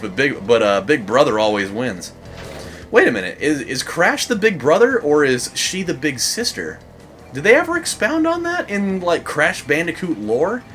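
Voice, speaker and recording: Rambling, animated young man gaming. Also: mid-range voice. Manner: rambling, laughs often, excited bursts at the game. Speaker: gaming channel host. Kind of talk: casual let's play commentary.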